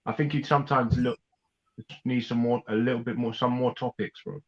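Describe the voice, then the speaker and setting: A man's voice: mid-range voice, steady tone, fairly quick. A man on an online panel rambles hesitantly through a critique. His call audio sounds dull and distant. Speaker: panel guest. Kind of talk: casual online panel chat.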